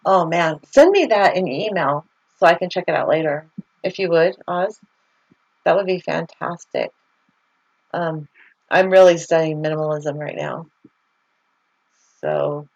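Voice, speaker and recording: A woman hosting a casual livestream, chatting loosely, laughing often and reading viewer comments aloud over a video call. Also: fairly low pitch. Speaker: livestream host. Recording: slightly muffled video call audio.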